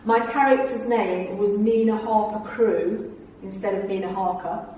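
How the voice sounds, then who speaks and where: A middle-aged woman, once a tour guide, gives a chatty, humorous talk to a club audience in a meeting room, spinning anecdotes with theatrical flair and frequent laughter. Her mid-range, mellow voice is measured and fairly even. The room is very echoey, she's far from the mic, and there's slight background noise.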